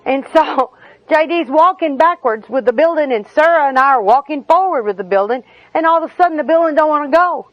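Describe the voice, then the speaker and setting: A woman's voice: high voice, expressive, a little fast, no room sound. A middle-aged woman telling folksy, humorous personal stories at a recovery meeting, often laughing as she talks. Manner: folksy, laughing through her own stories. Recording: dull lo-fi recording with audience.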